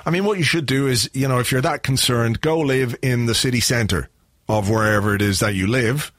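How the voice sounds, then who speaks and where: A man's voice: medium pitch, brisk, fairly bright tone, dry recording, studio quality. A man co-hosting a football podcast, chatting casually with wry jokes and rambling asides. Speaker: podcast co-host. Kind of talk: casual chat.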